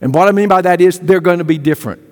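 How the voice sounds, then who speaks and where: An older male pastor preaching a sermon, swinging from loud emphatic peaks to hushed low storytelling. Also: rapid-fire. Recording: long hall reverb.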